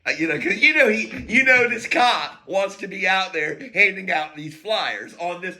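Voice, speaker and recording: A man's voice: sits high, animated, moderate pace, bright, forceful tone. A man telling rambling stories in a casual monologue, laughing between lines and drifting into asides and talk to himself. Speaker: podcast host telling stories.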